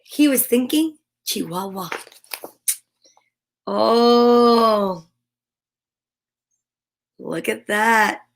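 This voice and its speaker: A woman's voice: a little high, drawn-out words, gravelly, pauses often, slight background noise. A woman reading a children's picture book aloud, with playful, chatty asides to her listeners. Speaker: children's story reader.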